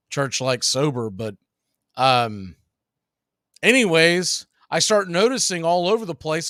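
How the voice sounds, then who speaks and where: A middle-aged man doing casual baseball play-by-play, telling long stories between pitches and laughing as he goes. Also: fairly bright tone, dry recording, clean studio sound.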